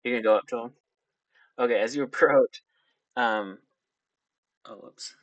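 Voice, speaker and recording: A man narrating a tabletop role-playing game as game master, hesitant and filling pauses with ums. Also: medium pitch, no room sound, muffled recording. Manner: hesitant, lots of ums and restarts.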